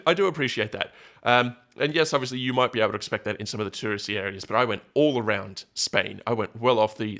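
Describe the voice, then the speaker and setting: A man's voice: fairly low pitch, fairly bright tone. A man talking to camera in a rambling, self-correcting solo commentary, drifting into anecdotes. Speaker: political commentator.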